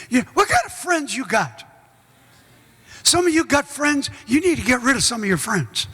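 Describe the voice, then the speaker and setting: A middle-aged man preaching a sermon as pastor, folksy and joking, bursting into shouts. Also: very high-pitched, very animated, moderate pace, slightly rough. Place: large church hall. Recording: echoey church hall.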